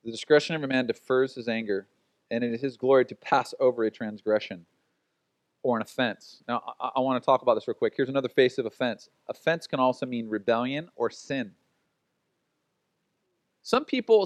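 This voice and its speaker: A man's voice: fairly high pitch, no room sound. A man preaching as a pastor in a casual, conversational way, acting out quotes and laughing at his own stories. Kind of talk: sermon.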